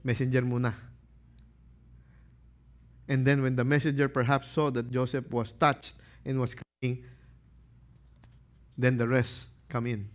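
A male pastor preaching a sermon, animated, questioning his congregation and acting out quotes. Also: medium pitch, unhurried, pauses often.

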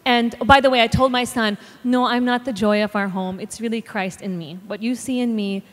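A high, bright-pitched woman in middle age tells a candid personal story to parents. Her voice trails off into a long hall reverb. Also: steady tone, moderate pace. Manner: earnest and candid, retelling with quoted speech. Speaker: speaker at a Christian parenting talk. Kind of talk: personal testimony talk.

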